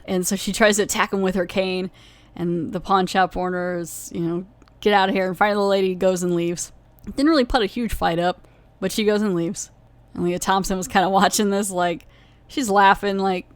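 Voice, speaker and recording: A woman's voice: mid-range voice, clean tone, no room sound. Rambling woman recapping an episode. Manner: rambling, full of "like" and "you know", self-correcting. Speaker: podcast host reviewing a TV episode. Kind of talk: casual recap.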